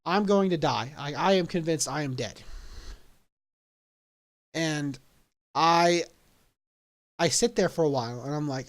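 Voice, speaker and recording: A young man telling a story casually, animated and laughing along at his own story. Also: on the high side, moderate pace, pauses often. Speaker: vlogger.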